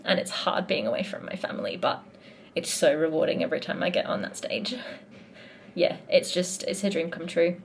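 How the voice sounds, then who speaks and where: A woman's voice: on the low side, moderate pace, vocal fry, slight background noise. A young woman in casual vlog chat, talking in a gushing, heartfelt way as a musical theatre performer backstage.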